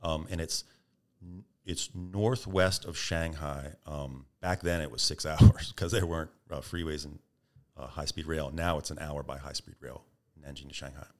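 A man's voice: very deep voice, moderate pace. A middle-aged man, a podcast guest, telling stories animatedly and acting out the quotes. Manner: animated storyteller, acts out tones and quotes. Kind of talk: storytelling interview.

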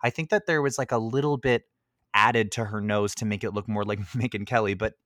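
A man's voice: on the low side, dry recording, clean studio sound. Chatty man co-hosting a film podcast. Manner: chatty and expressive, doing quick impressions. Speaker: podcast co-host. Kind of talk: casual film review chat.

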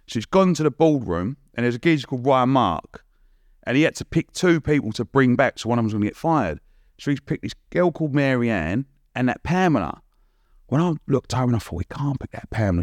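A man telling a lively story as a podcast guest, full of restarts and acted-out quotes. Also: mid-range voice, no echo, studio quality. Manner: rapid, animated, lots of restarts and acted-out quotes. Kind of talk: casual storytelling.

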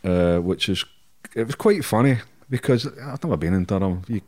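A middle-aged Scottish man with a very deep voice tells his anecdotes bluntly, swearing freely and chuckling as he goes. The sound is dry and close, with no room around him. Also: animated, normal speed, darkish tone, no echo. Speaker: interview guest. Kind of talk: casual storytelling.

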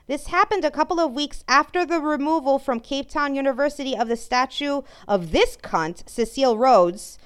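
A woman's voice: high voice, normal speed, hardly any pauses. A woman ranting in a heated, profane vlog commentary, often stumbling and restarting her sentences. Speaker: vlogger. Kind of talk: angry commentary rant.

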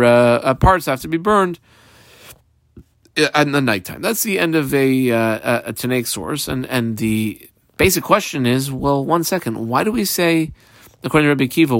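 A man's voice: medium pitch, a bit bright, no room sound. Guy going through a talmud page line by line, lots of uhs, dry close mic. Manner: explains Aramaic text phrase by phrase with many fillers. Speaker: Talmud teacher. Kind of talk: daf yomi lesson.

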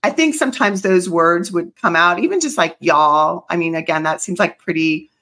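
A woman's voice: on the low side, big pitch swings, brisk, a bit bright. Chatty middle-aged woman, faint Southern lilt. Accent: slight Southern US. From US South (South Carolina). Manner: chatty, upbeat, frequent fillers. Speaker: guest, company CEO. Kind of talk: casual interview talk.

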